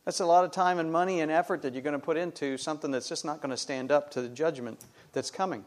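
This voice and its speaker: A man's voice: on the high side, fairly even intonation, fast talker. A middle-aged man preaching a sermon, emphatic and full of rhetorical questions put to the congregation. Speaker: pastor.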